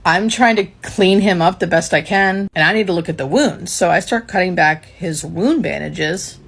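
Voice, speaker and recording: Woman, hospice nurse, casual storytime, fairly low pitch, conversational. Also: normal speed, gravelly, slightly rough. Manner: candid, conversational, teasing asides.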